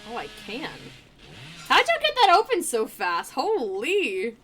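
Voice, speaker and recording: A woman streaming a game with a high, bright voice that swoops widely up and down. She talks in a relaxed, unhurried way, but she gets excitable and playful, laughs often and trash-talks the players around her. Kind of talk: live gameplay commentary.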